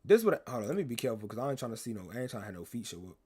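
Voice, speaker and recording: A man's voice: medium pitch, very animated, rapid-fire, darkish tone, slightly rough. A young man, telling a rambling, slangy story to his stream chat and teasing viewers. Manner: rambling, slangy, repeats himself, teases chat.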